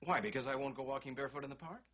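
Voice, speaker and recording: An actor playing a wry, exasperated young husband and lawyer, with a husky voice and dry, teasing delivery in a 1960s film comedy. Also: male voice, mid-range voice, racing, fairly bright tone, close to an everyday voice. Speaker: husband in a marital argument.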